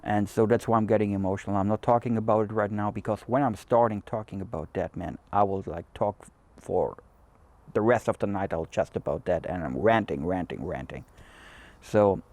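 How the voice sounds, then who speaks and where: A man's voice: on the low side, moderate pace, a little mellow, no echo. A man hosting a cigar show, talking in a loose, rambling way with many fillers and restarts. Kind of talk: casual chat.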